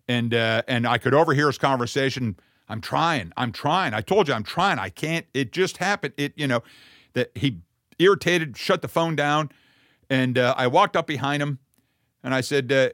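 A man telling a personal testimony in a sermon, earnest and conversational, acting out the dialogue, and closing with a softer, slower blessing. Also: medium pitch, no room sound, studio quality. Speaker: ministry speaker addressing congregation.

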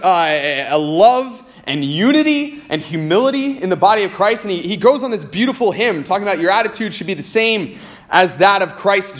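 A high-pitched man preaching a sermon to his congregation. He talks in a loose, conversational way, with plenty of "like" and "you know", and slips into a slower reading voice for scripture. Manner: conversational, uses casual fillers while reading scripture aloud. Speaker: pastor.

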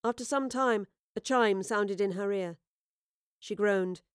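A woman narrating an audio drama in a measured, expressive storytelling manner on a close studio mic. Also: medium pitch, clear, resonant tone, no room sound.

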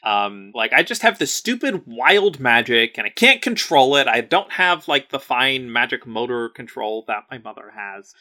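A man's voice: medium pitch, sing-song, normal speed, hardly any pauses, pushed and bright. A man voicing a frustrated, anxious young female orc art student in an exasperated, whiny tone.

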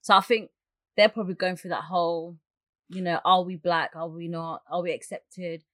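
A woman's voice: fairly low pitch, fairly even intonation, fairly bright tone, no echo, clean studio sound. A woman from Somalia talking frankly and proudly in a casual group chat. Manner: frank, proud, quick back-and-forth. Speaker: podcast guest.

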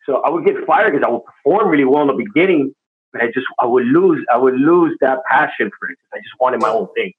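Podcast host on a tinny line. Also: male voice, mid-range voice, animated, fast talker. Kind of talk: casual chat.

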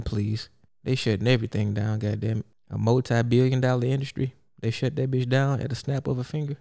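A man's voice: medium pitch, creaky, dark tone. A man hosting a solo podcast, ranting in a blunt, profane and exasperated way. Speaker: podcast host.

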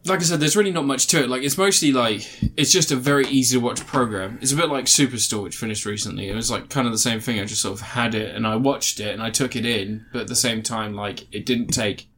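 A man's voice: medium pitch, fast, few pauses, fairly bright tone. A man, chatting casually as a podcast co-host, rambling and joking as he searches for words. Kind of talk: casual chat.

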